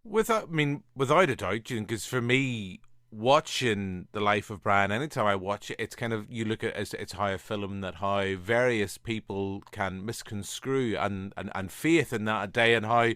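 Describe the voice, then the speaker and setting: A man's voice: on the low side, moderate pace, few pauses, a bit bright, dry recording. Northern Irish man hosting, dry sound. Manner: hesitant, rambling with restarts. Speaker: podcast host interviewer. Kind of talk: casual interview questions.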